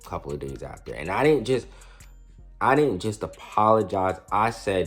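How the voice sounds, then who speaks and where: A man's voice: on the low side, very animated, moderate pace, fairly bright tone, faint music behind. A young man casually telling a storytime about his past, slangy and self-mocking, with frequent restarts. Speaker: storyteller vlogger.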